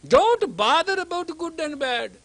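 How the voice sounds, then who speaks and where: With an extremely high, slightly bright voice, a very animated man lectures students on spiritual matters at a measured pace. Emphasis and repetition mark his talk, along with acted-out dialogue and the odd whisper to underline a point.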